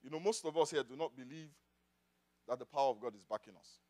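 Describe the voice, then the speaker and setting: A man preaching a sermon in church, swinging from loud declarations to quiet asides. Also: mid-range voice, quick pace. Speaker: pastor.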